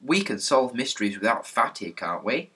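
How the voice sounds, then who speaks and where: A man voicing a brisk, blunt schoolboy in a children's storybook reading. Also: medium pitch, sing-song, sharp tone, slightly rough, heavily acted. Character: bossy older schoolboy, blunt.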